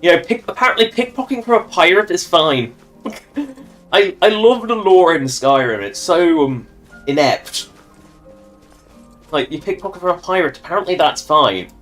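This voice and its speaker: Streamer guy rambling and cracking jokes at himself, voice bouncing all over, game music low underneath. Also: expressive, moderate pace, long pauses, a bit bright. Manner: joking, self-mocking, rambling asides. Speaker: livestreamer. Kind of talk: casual gaming commentary.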